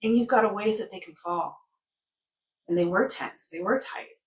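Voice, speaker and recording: A woman's voice: mid-range voice, normal speed, recorded from a distance. A woman in casual wellness chat who rambles and acts out everyday scenarios. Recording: echoey room, off-mic.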